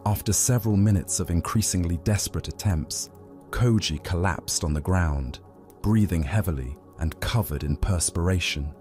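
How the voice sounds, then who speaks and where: A man narrates a calming Zen story for sleep, his voice sitting very low and deep. He reads slowly and evenly. Soft music plays faintly underneath. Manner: slow, soothing, even storytelling.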